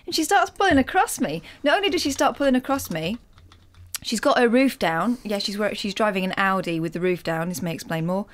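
Brief: northern English female co-presenter, rapid anecdotal delivery, mid-range pitch. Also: expressive. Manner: chatty, anecdotal, self-deprecating. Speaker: radio co-presenter. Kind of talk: storytelling in radio banter.

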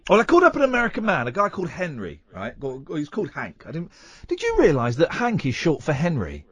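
A male radio host chatting and teasing his co-host, meandering from one story to the next. His voice is a little husky and swings up and down with plenty of life. The sound is dry and close, straight off a studio microphone. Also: a little high, wildly swooping pitch, fast, fairly bright tone, no room sound. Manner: rambling, playful and teasing. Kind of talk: late-night radio banter.

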